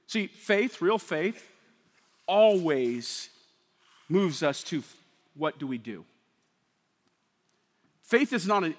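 A man preaching a sermon, swinging from loud emphatic passages to hushed, intense ones. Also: a little high, sing-song, slow, long pauses, big-room sound. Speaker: pastor.

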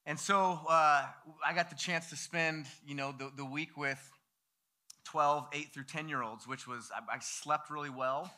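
A man in his thirties preaching, telling a story in an animated way and acting out the voices of the people in it. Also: fairly high pitch, measured pace. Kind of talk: sermon storytelling.

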